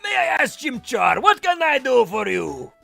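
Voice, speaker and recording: Loud, high-pitched male chameleon merchant, gravelly. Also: wildly swooping pitch, measured pace, soft background music, heavily acted. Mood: salesy. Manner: loud, squawking, accented put-on voice. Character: shrewd male chameleon shopkeeper, excitable. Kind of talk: let's play voice acting.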